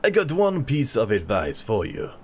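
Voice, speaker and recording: A man's voice: mid-range voice, wildly swooping pitch, moderate pace, a little hiss or hum. A man voicing an older male street brawler mentor with a put-on French accent, talking in a grandiose, lecturing way.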